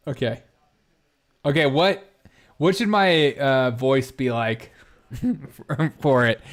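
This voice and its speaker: A man's voice: mid-range voice, animated, slow, long pauses. A male host chatting casually while setting up a prank call, giggling and rambling. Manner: giggly, rambling, self-mocking. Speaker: show host. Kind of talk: casual comedic livestream chat.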